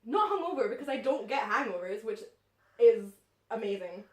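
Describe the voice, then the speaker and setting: A woman's voice: on the high side, big pitch swings, normal speed, reverberant, far from the mic. A young woman co-hosting a podcast, telling a story in casual chat and often laughing as she talks. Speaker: podcast co-host.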